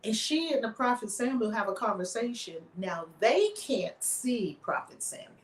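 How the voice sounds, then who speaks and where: A woman's voice: on the high side, normal speed. Woman storyteller in an echoey room. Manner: lively retelling with voiced quotes. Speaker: guest author and minister. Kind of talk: animated storytelling in a chat.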